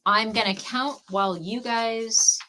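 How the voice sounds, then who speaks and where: A woman's voice: on the high side, steady tone, measured pace, bright, forceful tone, a little hiss or hum. A woman organizing a live prize drawing, counting entries and announcing the prizes. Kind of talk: casual live-stream chat.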